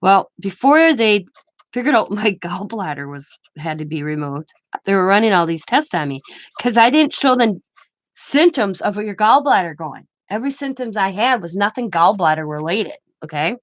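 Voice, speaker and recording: A woman's voice: mid-range voice, animated, normal speed, dry recording. An older woman hosting a craft channel, telling rambling personal anecdotes in casual chat and laughing often.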